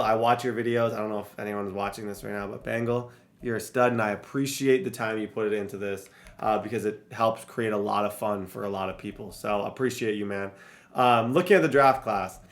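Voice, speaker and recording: A young man with a mid-range voice talks through his football game in casual gameplay commentary. He rambles, vents his frustration and speaks straight to his viewers as he goes. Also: medium pitch. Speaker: gaming YouTuber.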